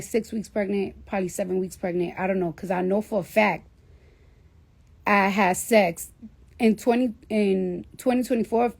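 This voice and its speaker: A woman's voice: mid-range voice, creaky. A woman, telling a story in casual, profane chat and acting out the voices of the people in it. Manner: profane, animated, acts out quoted voices. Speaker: rapper telling a story to listeners.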